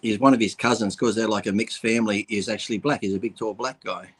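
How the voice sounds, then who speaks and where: A man's voice: fairly low pitch, steady tone, quick pace, rough recording. A middle-aged man, a blunt storyteller cracking crude jokes in casual chat. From Australia. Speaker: bodybuilder co-host.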